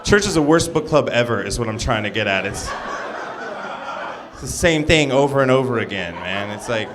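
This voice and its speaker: A young stand-up comic speaks at normal speed in an expressive mid-range voice, delivering a loose, jokey set in a club and throwing asides to the audience between bits. The live recording includes the crowd's laughter and clapping.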